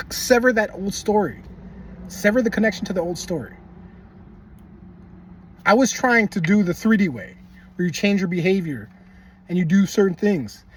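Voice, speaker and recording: A man's voice: sits high, slightly rough, recorded from a distance. A man giving casual, emphatic motivational talk, repeating himself and swearing bluntly. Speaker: manifestation video creator.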